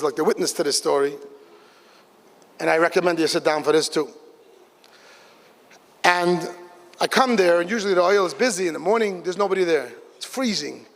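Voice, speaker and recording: High-voiced man telling a story in an echoing hall. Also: a little fast, creaky. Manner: lively storytelling, shifts into excited exclamations. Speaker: speaker at a community gathering. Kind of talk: storytelling speech to a gathering. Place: large event hall. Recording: long reverb of a big hall.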